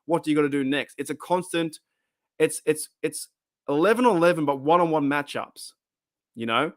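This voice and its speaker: An Australian livestream host in his thirties chats loosely while reading through comments, circling back over what he's said and swearing casually. His slightly high voice is starting to wear thin, and he talks at a normal pace. The recording is dry and close, with no room echo.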